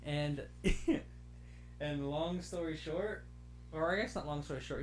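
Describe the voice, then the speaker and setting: A man's voice: fairly high pitch, steady tone, moderate pace, a little hiss or hum. A young man co-hosting a casual podcast, rambling through a work story and laughing often. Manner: rambling, laughs and jokes a lot. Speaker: podcast co-host. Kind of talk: casual chat.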